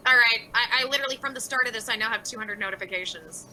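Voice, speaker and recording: A woman's voice: a little high, quick pace, pushed and bright, a little hiss or hum, low-quality recording. A woman livestreaming and reading out chat messages, talking bluntly with lots of swearing and exasperation.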